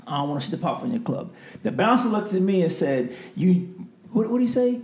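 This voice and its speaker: A man telling stories in a casual chat, animated and acting out the people he quotes. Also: sits high, fairly quick. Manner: animated, swings between voices when quoting people. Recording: echoey room.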